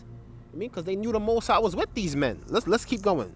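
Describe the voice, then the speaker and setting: A man's voice: high-pitched, big pitch swings, brisk, a little hiss or hum. A man giving a casual Bible study, talking loosely with filler tags and restarts and reading scripture passages aloud. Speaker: Bible teacher.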